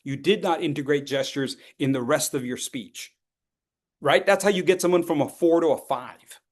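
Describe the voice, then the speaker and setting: A man teaching as a speech coach, lively and playful, acting out his students and throwing in sound effects. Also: on the high side, moderate pace. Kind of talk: lively training talk.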